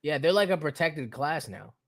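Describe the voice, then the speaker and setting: A man guesting on a podcast, telling stories in a loose, animated way, laughing often and swearing freely. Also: a little high, normal speed, vocal fry. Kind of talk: casual podcast chat.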